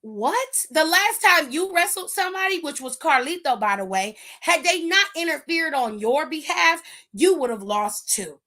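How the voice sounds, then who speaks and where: A high-pitched woman, hosting in a loose, opinionated chat. She talks bluntly and with sass, swearing freely. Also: moderate pace. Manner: blunt, sassy, profane, animated. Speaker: wrestling aftershow host. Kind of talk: casual opinionated recap.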